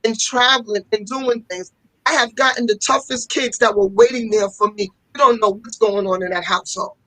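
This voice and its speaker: A woman's voice: a little high, steady tone, normal speed, sharp tone, no echo, low-quality recording. A woman who runs a fashion school, speaking as an interview guest and telling stories with passion, often repeating herself for emphasis. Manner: passionate storytelling with repetitions. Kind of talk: casual interview talk.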